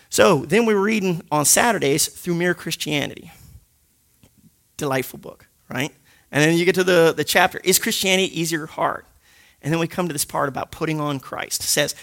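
A man leading a Bible study, his voice high and gravelly with a bright edge. He teaches in an animated, jokey way, firing off sudden punchy sound effects to land his points. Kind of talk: lively teaching talk to a group.

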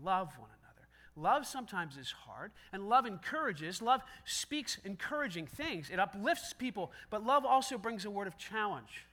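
A man's voice: high-pitched, sharp tone. A man preaching a sermon as pastor, in a conversational style that acts out quoted dialogue with self-deprecating humor.

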